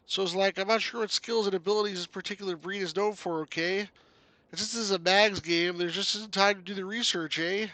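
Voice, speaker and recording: A brash, boisterous Canadian cop barks through a video game adventure, as a man puts him on. His voice is pushed well above its usual pitch, bright and loud, and his exaggerated Canadian accent is hammed up to the hilt. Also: steady tone, a little fast, no echo. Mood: boastful. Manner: loud, hammy, ends lines with "eh".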